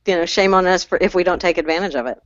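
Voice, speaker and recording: A woman co-hosting a podcast in casual chat, giggly and animated. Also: on the low side, rapid-fire, no room sound, muffled recording. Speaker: podcast co-host.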